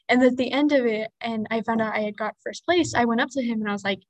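A teenage girl with a fairly high voice tells a personal story on a podcast. She acts out the back-and-forth lines of the people in it. The sound is dry and close, with no room echo. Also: quick pace, few pauses. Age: teens. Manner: storytelling, lively retelling of quoted exchanges. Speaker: student FFA officer and podcast co-host. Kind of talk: casual podcast chat.

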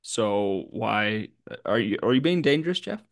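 A young man with a lowish, expressive voice, filling in as interim host of a podcast, playfully teases his guest and stretches out his words. The recording is dry and clean, with a studio sound. It's casual podcast hosting with a drawn-out, teasing delivery.

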